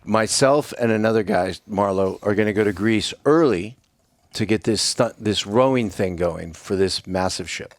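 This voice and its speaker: A middle-aged man telling a story as a podcast guest, with a lower-pitched voice. He curses freely and acts out other people's lines with animated energy. The sound is dry and close. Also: moderate pace, no echo. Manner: animated, swearing, acts out dialogue. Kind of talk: profane storytelling.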